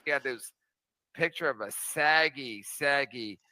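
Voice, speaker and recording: A man's voice: medium pitch, unhurried, sharp tone, dry recording, clean studio sound. A middle-aged man hosting a podcast, ranting crudely and laughing at his own jokes. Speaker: podcast host reacting to clips. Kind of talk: crude comedic rant.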